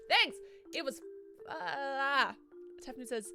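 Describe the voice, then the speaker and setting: An excitable woman streaming a game live, reading her chat aloud and mocking herself with plenty of swearing. Her voice sits fairly high and bright, with a lively pitch range, and faint music plays behind her. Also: a little slow. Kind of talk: casual live let's-play chat.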